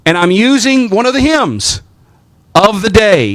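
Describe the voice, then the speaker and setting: A man's voice: sits high, big pitch swings, a little slow, a bit bright, dry recording. A middle-aged man from the American South with a Southern accent, a priest teaching clergy how to preach, with folksy storytelling and repeated phrases. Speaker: Orthodox priest teaching homiletics.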